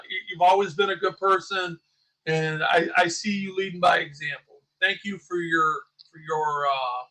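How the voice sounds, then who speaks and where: A man's voice: high-pitched, bright, forceful tone, rough recording. A man talking on his own channel in a passionate, agitated ramble, full of restarts and repeated words. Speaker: small channel YouTuber. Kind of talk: livestream commentary.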